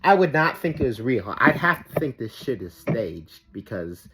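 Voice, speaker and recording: A man of middle pitch rants through a reaction video, rambling and swearing, stacking up "like" as he loses his thread. His voice rides over steady background noise. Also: normal speed. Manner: rambling, profane, exasperated, with many fillers like "like". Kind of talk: ranting reaction commentary.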